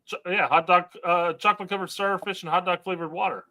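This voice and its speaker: A man's voice: sits high, fairly even intonation, quick pace, pushed and bright. A man co-hosting a casual podcast chat, teasing and wry, often trailing off and restarting his sentences. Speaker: co-host.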